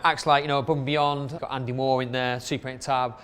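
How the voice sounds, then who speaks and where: A man's voice: mid-range voice, little pitch movement, brisk, fairly bright tone, clean tone. A man counting down his favourite club DJs in a casual, rambling way, with many fillers and restarts.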